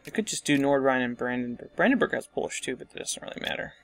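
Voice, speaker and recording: Bright, gravelly man thinking aloud. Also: medium pitch, animated, fast talker, faint music behind. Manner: thinking aloud, muttering asides. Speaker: let's play host. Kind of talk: casual strategy game commentary.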